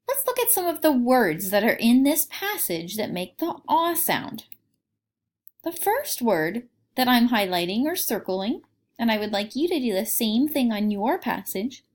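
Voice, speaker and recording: Slow, clear woman teaching phonics. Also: fairly high pitch, darkish tone. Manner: slow, clear, sounding out words. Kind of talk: phonics lesson for young children.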